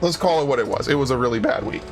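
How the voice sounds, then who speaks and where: A man's voice: medium pitch, expressive, racing. A young man streaming a video game, chatting casually, rambling and sarcastic, swearing often and telling anecdotes. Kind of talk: casual gaming commentary. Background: faint game music.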